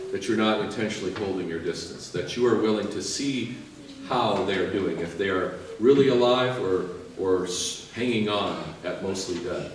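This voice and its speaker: A male priest preaching a sermon, lively and joking as he urges the listeners on. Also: fairly low pitch, slight background noise. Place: large church. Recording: echoey church from far off.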